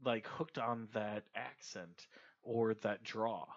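A man's voice: on the low side, fairly even intonation, takes it slowly, vocal fry. A man co-hosting a podcast, chatting casually with profane, joking banter. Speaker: podcast co-host. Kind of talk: casual chat. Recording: dull lo-fi podcast recording.

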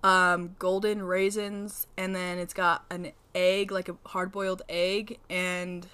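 A woman co-hosts a laid-back podcast with a bright, forceful tone. She teases her co-host and speaks bluntly, dropping the odd curse without a second thought. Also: on the low side, little pitch movement, takes it slowly, clear, resonant tone. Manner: teasing, blunt, swears casually. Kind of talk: casual podcast chat. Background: dog whining.

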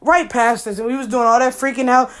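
Picture a young woman spinning a wild personal story straight to her listeners. Her voice sits a little high, with loose, profane chatter, and she playacts the voices in her tale. She sounds unscripted, like she is talking to friends. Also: fairly quick. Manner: animated, profane, laughing, acts out her own lines. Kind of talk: casual storytime monologue.

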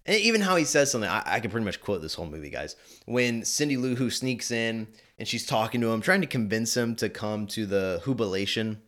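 A man's voice: lowish voice, a little fast. A man hosting a casual podcast, rambling and correcting himself as he talks. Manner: animated, rambling, self-correcting. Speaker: podcast host. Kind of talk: casual chat.

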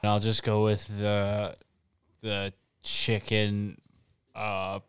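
A man playing in an improvised comedy role-play game, deadpan and blunt. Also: on the low side, drawn-out words, smooth, dry recording, studio quality. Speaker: player.

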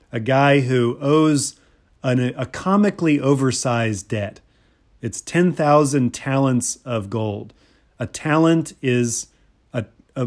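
A male pastor preaching a sermon in a relaxed, conversational manner. His voice sits at a middle pitch, and he often pauses on fillers and repeats phrases for emphasis.

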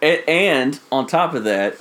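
A man's voice: a little high, lively intonation, unhurried, fairly bright tone. A man co-hosting a podcast, adding dry, chuckling asides in casual chat. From Baltimore area. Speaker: podcast co-host.

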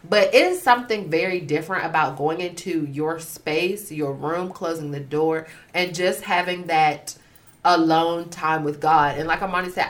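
A young woman with a slightly low voice, chatting casually on a faith podcast. She talks expressively and playfully, tossing in quick asides. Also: fairly bright tone. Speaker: podcast co-host.

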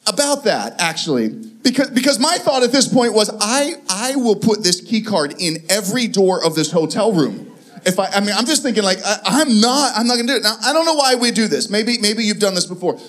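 A middle-aged man preaching, telling an animated story and acting out both sides of a conversation, with many restarts. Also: sits high, fairly quick. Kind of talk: sermon story.

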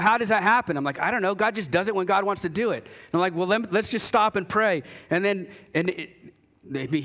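A pastor preaching a sermon in a church, talking conversationally and emphatically, acting out quoted voices, with frequent restarts. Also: male voice, high voice, a bit bright. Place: church sanctuary.

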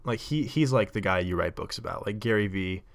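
A podcast host tells a story in a rambling, casual monologue packed with fillers, lots of "likes" and self-corrections, and he laughs often. His lowish, creaky voice moves fairly quickly with lively intonation.

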